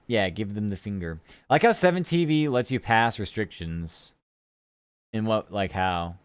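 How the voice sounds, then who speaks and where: A man's voice: on the low side, big pitch swings, normal speed, no echo. A young man chatting casually on a live stream while he works, often muttering to himself.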